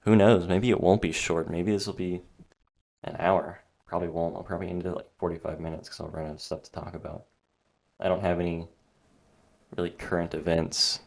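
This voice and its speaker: A man's voice: sits low, little pitch movement, brisk, gravelly, a little mellow. A young man hosting a solo podcast, rambling and sarcastic, exasperated, a bit out of breath. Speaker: podcast host.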